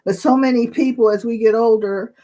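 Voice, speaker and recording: A woman in her sixties hosting her own channel, chatting casually and emotionally to viewers with many pauses and fillers. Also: on the high side, steady tone, mellow, dull audio. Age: 60s. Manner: slow, emotional, tearful at times, with pauses and fillers. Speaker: channel host.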